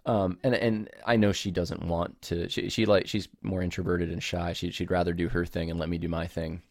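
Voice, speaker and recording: Deep gravelly man, earnest podcast host. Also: level tone, normal speed, dry recording, clean studio sound. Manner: earnest, apologetic, rambling with many restarts. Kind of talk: casual podcast monologue. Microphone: home recording setup with camera.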